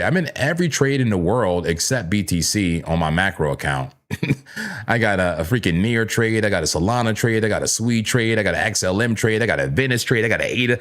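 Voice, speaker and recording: A man hosting a live crypto trading stream from a home trading room full of screens, jokey and animated, talking to himself as he works. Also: lowish voice, moderate pace. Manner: animated, jokey, talks to himself and yells playfully. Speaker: crypto trading livestream host. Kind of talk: live chart analysis chat.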